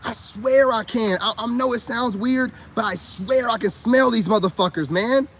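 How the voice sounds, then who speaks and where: Man, high voice, swearing, mocking, ranting to camera. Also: moderate pace, husky. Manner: loud, swearing, mocking, swings between high outbursts and low mutters. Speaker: online commentator. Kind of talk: profane ranting monologue. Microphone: self-recorded video.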